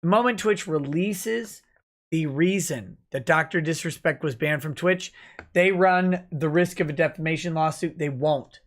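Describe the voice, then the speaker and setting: A man's voice: on the high side, unhurried. A drunk man hosting a late-night livestream, ranting angrily and swearing a lot. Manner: angry, profane ranting. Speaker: livestream host.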